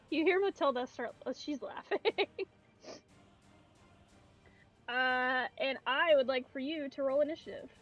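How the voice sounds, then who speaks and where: A woman's voice: high-pitched, takes it slowly, long pauses, dull audio, faint music behind. A woman game master narrating a tabletop game in a casual, giggly way.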